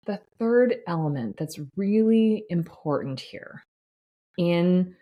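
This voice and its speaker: A woman's voice: sits low, a little mellow. A woman hosting a solo podcast as a life coach for physicians, talking earnestly and reflectively, often checking in with "right?" and laughing lightly mid-sentence.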